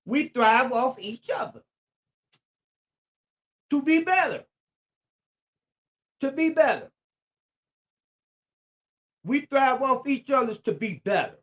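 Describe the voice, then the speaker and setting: A man's voice: very high-pitched, very animated, slow, pauses often, a bit bright. A man hosting a casual live stream, repeating his points with preacher-like emphasis and greeting viewers by name. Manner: talks straight at viewers and greets them by name.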